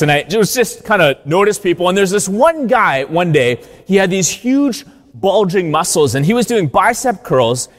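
A man's voice: high-pitched, long reverb tail. A man, a Catholic priest, giving a sermon in a conversational storytelling way.

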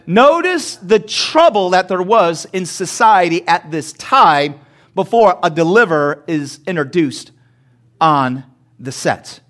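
A man preaching a sermon as pastor, asking the congregation to repeat words after him and building to shouts. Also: high voice, very animated, slow pace. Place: church sanctuary.

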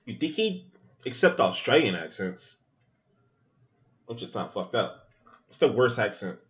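A man's voice: lowish voice, animated, unhurried, fairly bright tone, muffled recording. A man hosting a podcast, giving loose, joking, profane running commentary while he watches a film. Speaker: podcast host. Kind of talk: casual movie watch-along commentary.

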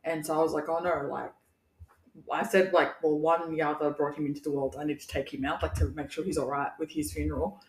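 A woman in her thirties from Australia, co-hosting a podcast in casual chat, telling lively stories, swearing and laughing often. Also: sits low, fairly quick, slight background noise. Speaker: podcast co-host. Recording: echoey room.

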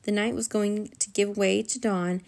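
A woman reading a children's chapter book aloud in a gentle, steady storytelling manner. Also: mid-range voice, moderate pace, vocal fry. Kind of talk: bedtime story narration.

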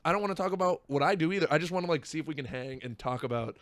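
A man's voice: a little high, animated, very fast, fairly bright tone. A man hosting a podcast as a stand-up comic, chatting casually in a profane, rambling, riffing way. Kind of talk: casual chat.

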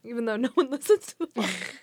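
A woman's voice: on the high side, big pitch swings, fast talker, a little mellow, slightly rough, no echo, studio quality. A young woman co-hosting a podcast in casual chat, teasing and giggling often. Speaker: podcast co-host.

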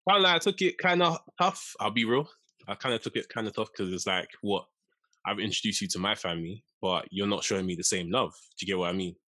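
A young man with a low, bright, forceful voice, animatedly telling a story and acting out quotes. He sounds recorded close and dry, with little room sound. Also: brisk, dry recording. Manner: animated storyteller, acts out quotes, laughs often. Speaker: podcast co-host. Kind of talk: casual storytelling chat.

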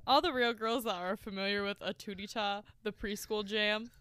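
A woman's voice: mid-range voice, steady tone, moderate pace, a bit bright, smooth, dry recording. A young woman co-hosting a casual podcast, giggly and joking, swearing freely as she banters. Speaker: podcast co-host.

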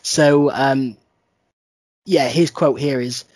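A man co-hosts a casual podcast with a husky, slightly breathy voice. He sounds sleepy but stays lively and swears freely. The sound is dry and close, with no room echo. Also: medium pitch, takes it slowly. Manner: sweary, animated, mimics people in silly voices. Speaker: podcast co-host. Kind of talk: casual chat.

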